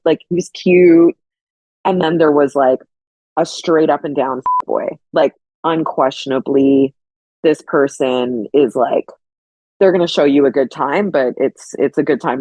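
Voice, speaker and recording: Woman, young, animated casual storytelling, dry close sound. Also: low-pitched, no room sound.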